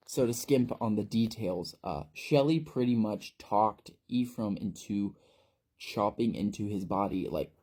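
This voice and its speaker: A man casually recapping a story in a relaxed, conversational way. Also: fairly low pitch, creaky, breathy edge.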